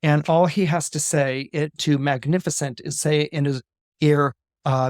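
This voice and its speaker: A man on a podcast retelling a fairy tale film in an animated storytelling way, with many fillers and restarts. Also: fairly high pitch, a little slow, dry recording, studio quality. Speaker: astrologer podcast guest.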